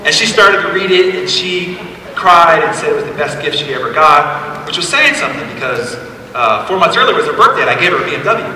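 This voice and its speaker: A man in his forties giving a motivational keynote, telling stories in an animated, conversational way with emphatic asides. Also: on the high side, a little fast, background noise. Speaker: keynote speaker. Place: large event hall, live on stage. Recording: echoey hall taped from far off.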